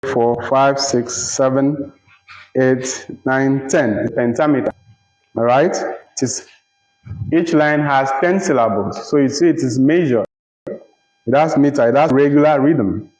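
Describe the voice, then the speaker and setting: A man teaching a literature lecture, explaining slowly and deliberately, repeating phrases and checking that listeners follow. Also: medium pitch, a little mellow. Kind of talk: recorded lecture. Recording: roomy, dull lo-fi recording.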